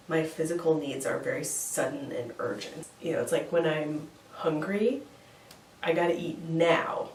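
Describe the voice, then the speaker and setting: A young woman with a head cold talks casually to her vlog audience, her nasal, congested voice sitting low. She rambles with fillers and small laughs. She is recorded from a distance in a roomy, echoing space with faint ambience behind her. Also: a little hiss or hum. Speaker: vlogger. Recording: echoey room, voice from far off, faint ambience.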